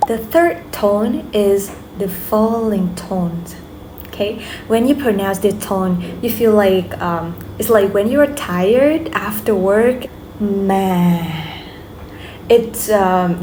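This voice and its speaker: A woman's voice: mid-range voice, dark tone, slight background noise. A young woman with a Vietnamese accent teaching a language lesson, speaking patiently and saying "okay" often. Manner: slow, patient, repeats drills, many "okay"s. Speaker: language tutor.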